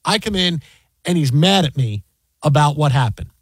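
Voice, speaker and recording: A man's voice: fairly high pitch, expressive, normal speed, slightly rough, no echo. A middle-aged man, a sports broadcaster, telling a story in casual chat, acting out the quoted dialogue with many restarts. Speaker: sports broadcaster and podcast guest.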